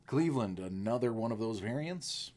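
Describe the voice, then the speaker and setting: Rough-voiced man hosting a card break. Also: medium pitch, expressive, normal speed, darkish tone. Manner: chatty, joking asides, clears throat often. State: rough voice from screaming. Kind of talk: live card break commentary.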